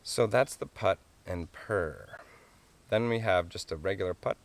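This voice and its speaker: A man with a fairly low voice walks listeners through a hands-on calling tutorial. His explanations are relaxed and homespun, and small chuckles break in often. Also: measured pace, gravelly. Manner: easygoing, chuckles often, plain folksy explanations. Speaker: wildlife calling instructor.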